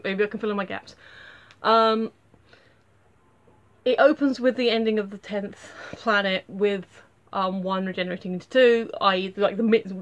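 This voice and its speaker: A woman talks through her thoughts in a relaxed, unscripted review. She rambles and circles back, with plenty of fillers and restarts, and her pitch sits in an ordinary middle range. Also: highs cut off. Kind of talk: casual spoken review.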